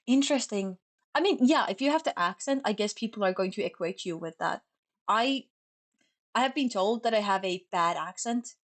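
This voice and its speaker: Fast-talking Finnish-accented young woman. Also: mid-range voice, animated. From Finland. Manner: fast, sloppy talker who stumbles over words. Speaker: streamer. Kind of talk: casual chat.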